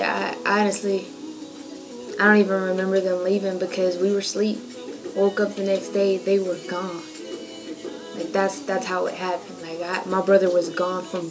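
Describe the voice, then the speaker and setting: A woman's voice: mid-range voice, low-quality recording. Young woman vlogging her life story, casual slangy and emotional, music playing behind. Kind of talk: personal storytelling vlog. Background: background music.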